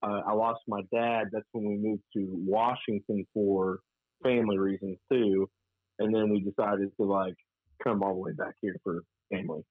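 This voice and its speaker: Hesitant low-voiced man on a tinny line. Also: steady tone, normal speed, slightly rough, no echo. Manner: hesitant, many ums. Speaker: guest. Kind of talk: casual chat. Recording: tinny phone-like dry line.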